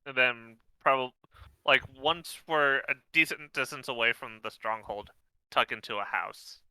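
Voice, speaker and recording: A man's voice: mid-range voice, a little slow, sharp tone, clean tone, low-quality recording. A man playing a tabletop game on a live stream, suggesting plans and often stumbling over repeated words. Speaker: player.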